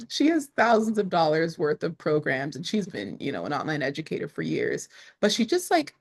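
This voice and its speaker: Woman, lowish voice, casual interview storytelling, expressive, filler-heavy, sometimes near tears. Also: creaky, breathy edge. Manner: expressive, frequent "like" fillers, rises sharply when excited. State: emotional, near tears at times. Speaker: entrepreneur guest.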